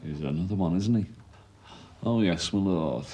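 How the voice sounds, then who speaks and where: A man's voice: low-pitched, normal speed, breathy edge. A bitter drunken barman. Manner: resentful, sneering, shouting at night. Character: bitter drunken middle-aged working-class barman. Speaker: bar owner. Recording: hissy old TV recording.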